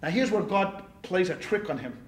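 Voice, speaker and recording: A man, a rabbi, teaching a class in a lively, joking storytelling lecture, talking straight to his listeners. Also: high-pitched, moderate pace.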